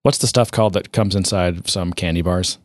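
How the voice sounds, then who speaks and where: Male podcast co-host, low voice, dry close sound, sardonic rambling tech chatter. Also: steady tone, normal speed, no echo. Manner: rambling, sardonic, many fillers and restarts. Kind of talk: casual tech chat.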